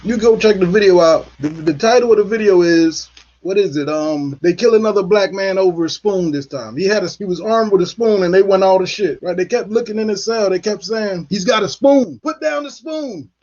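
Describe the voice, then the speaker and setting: Male host, high husky voice, furious profane rant, dull lo-fi audio. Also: a little fast, a little mellow. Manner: angry, profane ranting. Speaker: political commentary host. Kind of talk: heated solo commentary.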